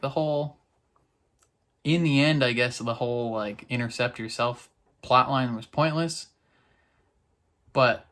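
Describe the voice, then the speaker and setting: A man casually recapping and reacting to a TV episode, talking in a loose, rambling, excitable way. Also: mid-range voice.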